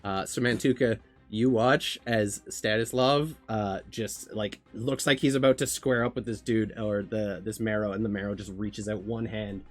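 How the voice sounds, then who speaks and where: A man's voice: fairly low pitch, fairly even intonation, normal speed, few pauses, soft background music. A man running a tabletop game on a stream, casual and swearing as he narrates the action. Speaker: game master.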